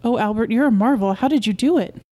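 A woman's voice: mid-range voice, fast talker, close to an everyday voice. A woman voicing Mabel, an anxious, worn-out young mother who swings from tearful to fussing, in a story reading. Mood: delighted. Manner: tearful, then excited and fussing.

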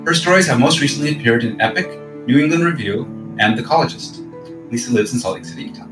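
A man hosting a book podcast, speaking in a measured, formal way and reading a review aloud with expression. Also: mid-range voice, expressive, echoey room, music in the background, low-quality recording. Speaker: podcast host.

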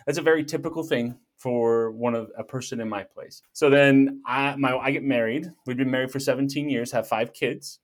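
Middle-aged male guest, lively jokey storyteller, conversational. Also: medium pitch, moderate pace, few pauses. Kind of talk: casual storytelling.

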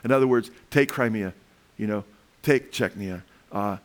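A middle-aged man preaching about world events, talking in a rambling, animated way with frequent restarts. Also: lowish voice, normal speed. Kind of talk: sermon with commentary.

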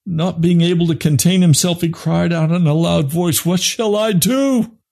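A man preaching an impassioned sermon, swinging from low grave tones to high urgent pleading. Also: normal speed, vocal fry, darkish tone.

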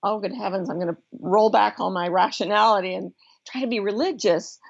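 Earnest middle-aged woman, gravelly voice. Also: mid-range voice. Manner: earnest, thoughtful, with frequent restarts and slow emphasis. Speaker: guest, life coach. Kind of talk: reflective personal storytelling. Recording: dull lo-fi recording.

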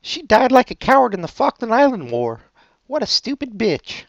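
A shrill, unhinged man, reading a letter in a high, strained voice that swings all over. The sound is dry and a little dull, as on a lo-fi recording. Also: very animated, normal speed, no echo, heavily acted. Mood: manic. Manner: high strained put-on impression voice.

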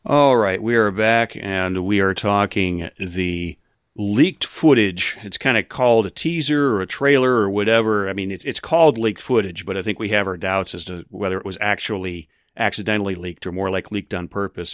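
40s guy hosting a podcast, kinda low voice, dry close sound, easygoing. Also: normal speed, no room sound. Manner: relaxed, leads the show and runs the breaks. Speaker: podcast host. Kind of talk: casual chat.

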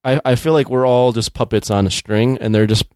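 A man hosting a podcast, joking and laughing often while he asks quick follow-up questions. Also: medium pitch, steady tone, darkish tone, dry recording, studio quality. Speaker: podcast host. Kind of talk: casual chat.

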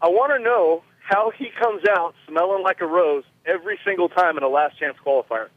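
A man's voice: sits high, brisk, dry recording. A man from California calling in to a radio show, telling a story with frequent laughs. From California, USA. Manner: chatty storyteller, laughs often. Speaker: caller. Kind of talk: casual call-in chat. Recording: tinny phone line.

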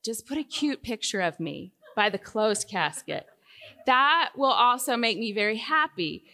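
A middle-aged woman giving a faith talk to a live audience, telling stories with loud emphatic bursts that drop to hushed asides. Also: unhurried. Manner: lively storytelling, swinging from loud emphatic bursts to hushed lows. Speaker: Christian speaker. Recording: long hall reverb.

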